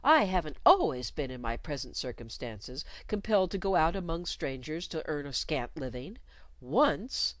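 A woman's voice: medium pitch, big pitch swings, moderate pace, no echo, voice pushed up, close to an everyday voice. A woman voicing a fussy, self-pitying governess who talks in a plaintive, coaxing way. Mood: mournful.

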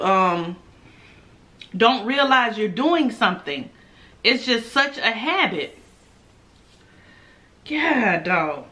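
A young mukbang vlogger eats and chats with her audience, laughing a lot and addressing them as "y'all." She sounds animated, pushed, and bright in a mid-range voice, speaking slowly with long pauses.

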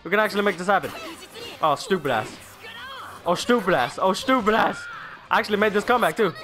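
A man's voice: high voice, expressive, quick pace. A young man giving casual gameplay commentary, trash-talking his opponents with a laugh and frequent swearing. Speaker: gaming YouTuber. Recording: faint game music behind.

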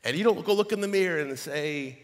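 A man preaching a sermon as pastor, reading scripture aloud in an animated way. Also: on the high side, brisk. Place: church sanctuary. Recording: long hall reverb.

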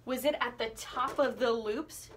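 A woman teaching children a playful singing lesson, asking questions and encouraging them as she swoops her voice high and low. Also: unhurried, slight background noise. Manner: encouraging, asks the listener questions. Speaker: music teacher.

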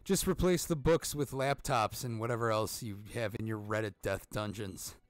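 Sarcastic, foul-mouthed gamer dad. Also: male voice, lowish voice, normal speed, no room sound. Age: middle-aged. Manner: profane, sarcastic, laughs at his own jokes. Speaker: let's-play streamer. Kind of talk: gameplay commentary.

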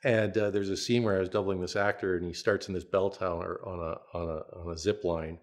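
An older man with a very low voice recalls his working life in a relaxed, storytelling way. He restarts his sentences often and chuckles as he talks, like someone being interviewed about a long career. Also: brisk. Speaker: veteran stunt performer and coordinator.

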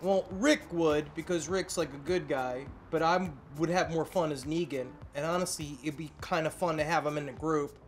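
Thirty-something dude rambling through silly bits, faint music behind him. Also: male voice, fairly high pitch, normal speed, few pauses. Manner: rambling, jokey, slips into silly put-on voices. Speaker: guest. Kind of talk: comedic casual chat.

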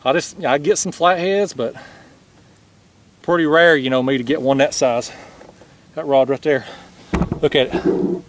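Out on a lake in his kayak, a man hosts his fishing channel, breathless and excitable. His voice runs a little high, with some hiss or hum, and he exclaims often, drawing his words out.

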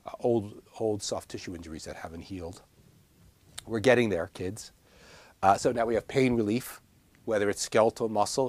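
A man's voice: fairly low pitch, a little mellow, no room sound. A man from Long Island with a New York accent, teaching herbal first aid in a casual, digressive filmed lecture with self-deprecating asides. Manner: gestures a lot while talking.

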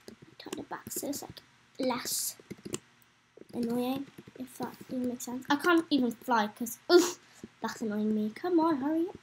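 A chatty young woman giving rambling, excitable commentary while she plays a game. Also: sits high, slight background noise, poor audio. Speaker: gameplay commentator. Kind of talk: casual let's-play commentary.

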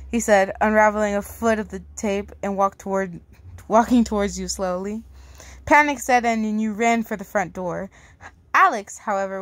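A woman reading a fan fiction aloud to her audience, casual and outspoken, reacting loudly and swearing. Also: medium pitch, no room sound. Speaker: story reader.

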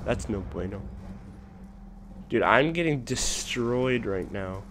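A young man giving casual commentary over his own gameplay, excitable and trash-talking, swinging between low mumbles and sudden shouts. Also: slow, slight background noise. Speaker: gaming channel host.

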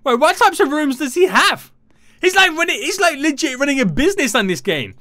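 A man chats excitedly through a video game, talking straight to his viewers. His voice leaps around with a lively, animated swing and has a bright, forceful edge. The sound is dry and close, with no room around it. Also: very high voice, fairly quick, dry recording. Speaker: gaming YouTuber. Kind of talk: gameplay commentary.

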